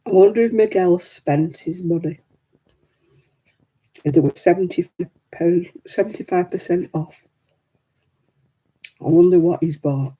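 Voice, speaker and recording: Husky older woman. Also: fairly low pitch, a little slow, pauses often, dark tone. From England. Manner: chatty storytelling, laughs often. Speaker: livestream host. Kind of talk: casual chat.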